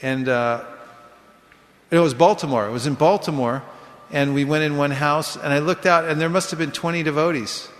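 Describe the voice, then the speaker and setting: A man with a fairly high voice tells stories to a class, animated and chatty, sometimes acting out the people he met. The sound is echoey, with a long hall reverb around him. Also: normal speed. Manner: animated storyteller, acts out voices in quotes. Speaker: book distribution speaker. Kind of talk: informal class talk with anecdotes. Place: temple hall.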